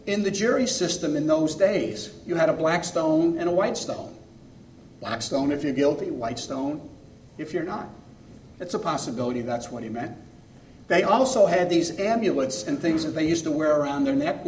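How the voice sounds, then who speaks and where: A man preaching a sermon as a pastor, earnest, pausing phrase by phrase and swinging between loud and soft. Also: on the high side, lively intonation, slight background noise. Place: church sanctuary. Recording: echoey room, mic far off.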